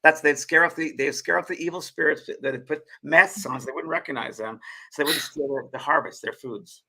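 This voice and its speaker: A middle-aged man co-hosting a live online chat show, talking quickly and eagerly, often restarting mid-sentence. His voice is bright and a bit husky. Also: on the high side. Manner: fast, eager talk with restarts. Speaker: co-host. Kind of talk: casual live-stream chat.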